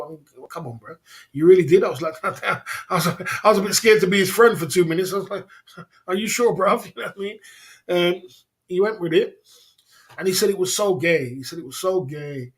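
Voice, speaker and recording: Guy on a livestream, bit higher voice, rambling, laughs a lot, says you know what i mean all the time. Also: breathy edge. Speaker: livestream host. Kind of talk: casual livestream chat.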